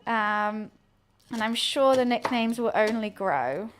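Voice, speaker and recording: A high-pitched woman chats at an unhurried pace while cooking on a live stream. She rambles to viewers and a pet, with faint chopping and clicks in the background. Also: lively intonation, noisy background. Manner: rambling, chatty, talks to viewers and her kitten while cooking. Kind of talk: casual cooking stream chat. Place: home kitchen.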